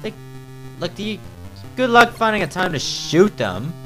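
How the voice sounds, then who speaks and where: A man's voice: high voice, very animated, moderate pace, a bit bright, soft background music, rough recording. Sarcastic man mocking a bad game. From Newfoundland, Canada. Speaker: video game reviewer. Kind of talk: comedic game review commentary.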